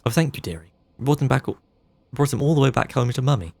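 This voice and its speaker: A man's voice: mid-range voice, lively intonation, fast talker, creaky, a little mellow, dry recording, pitched above the performer's own voice. A man voicing a fussy, doting older woman shopkeeper in a game, sweet and cooing.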